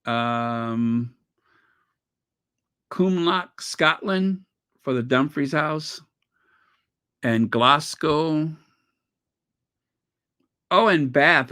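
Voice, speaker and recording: African American man, unhurried, bright tone, rambling excited storyteller. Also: fairly high pitch, clean tone. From United States. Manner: rambling, excitable travel storytelling, pausing to recall. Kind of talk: casual chat.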